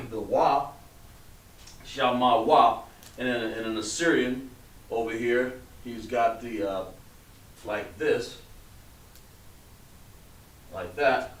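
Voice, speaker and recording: Slow, patient male teacher in a roomy space. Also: medium pitch, a bit bright. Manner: patient, coaxing, trails off while writing. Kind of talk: classroom instruction. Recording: roomy, distant mic with background noise.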